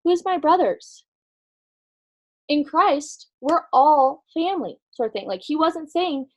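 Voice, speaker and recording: A woman's voice: sits high, lively intonation, measured pace, poor audio. A woman retelling a faith story in a chatty way, with lots of ums and likes, acting out the dialogue as she goes. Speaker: speaker sharing conference notes.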